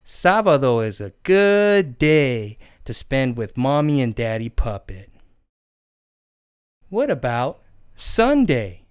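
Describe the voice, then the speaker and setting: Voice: mid-range voice, sing-song, clear, resonant tone, no room sound, studio quality. A puppeteer voicing a sing-song sparrow puppet. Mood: cheerful. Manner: sing-song, encouraging, drawn-out words. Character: friendly little sparrow puppet teacher. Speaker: children's language teacher. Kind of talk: children's lesson.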